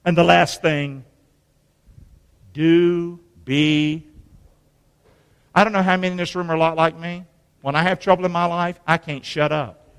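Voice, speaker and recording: A male pastor preaching a sermon, lively and conversational, with call-and-response and joking asides. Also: a little high, fast talker, gravelly, smooth. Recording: long hall reverb.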